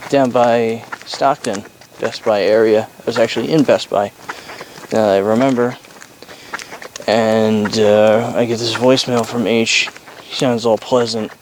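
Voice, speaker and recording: Slow-talking sarcastic man in his thirties. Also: mid-range voice, a little hiss or hum, rough recording. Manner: sarcastic, profane, ranting. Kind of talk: casual rant vlog.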